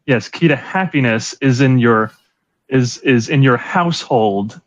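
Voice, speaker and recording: A man's voice: mid-range voice, measured pace, dull audio. A man co-hosting a casual chat, eagerly retelling scenes with lots of stammered restarts. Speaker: podcast co-host.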